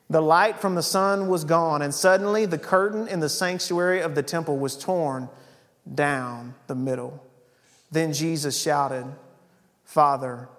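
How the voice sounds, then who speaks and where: A man preaching in a church, his fairly high voice carrying a long hall reverb. He reads scripture aloud, then explains it, building to emphatic, urgent passages. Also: a bit bright. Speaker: pastor. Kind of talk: sermon. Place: church sanctuary.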